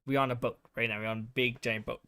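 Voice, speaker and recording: A man's voice: medium pitch, flat delivery, fast talker, sharp tone, clean tone, no room sound. A male streamer casually recapping a game's story, rambling with lots of fillers. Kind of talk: casual game recap chat.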